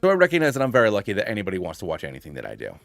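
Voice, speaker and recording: Mężczyzna około trzydziestki, streamer, mówi swobodnie i chaotycznie, z mnóstwem wtrąceń. Ma dość niski głos, ale bardzo żywą intonację. Nagranie z mikrofonu przy biurku jest suche, a w tle cicho gra muzyka z gry. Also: male voice, lowish voice, huge pitch swings, very fast, vocal fry, no echo, faint music behind. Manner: rambling, filler-heavy, self-deprecating. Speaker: gaming streamer. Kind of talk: casual live-stream chat.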